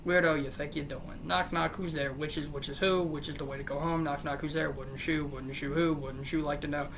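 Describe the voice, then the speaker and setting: A channel host reading a joke book aloud, casually, in a deadpan question-and-answer rhythm with weary, sarcastic asides. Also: mid-range voice, quick pace, slight background noise.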